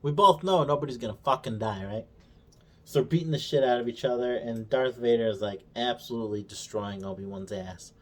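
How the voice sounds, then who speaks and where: A man's voice: medium pitch, fairly quick. A man giving a casual, profanity-heavy review rant, mocking and exasperated, retelling scenes in his own words. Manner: swears constantly, mocking and exasperated; retells scenes by acting out characters' lines. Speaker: video reviewer.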